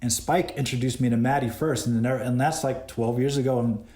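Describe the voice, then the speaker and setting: Animated man telling stories. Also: medium pitch, fairly quick. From Boston. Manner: animated, laughing, retells exchanges. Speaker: cinematographer guest. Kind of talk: casual storytelling interview. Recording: roomy echo.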